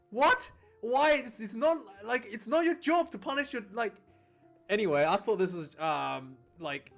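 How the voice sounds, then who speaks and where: A man with a high-pitched voice hosts a casual rugby news vlog. He rambles, restarting and repeating words as he goes. Faint music sits behind him. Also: gravelly, fairly bright tone.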